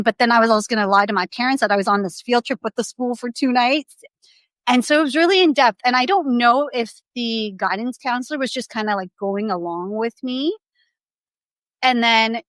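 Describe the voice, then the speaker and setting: A woman's voice: a little high, dry recording. A young adult woman as a podcast guest, telling her story candidly in a rambling, casual way with many restarts.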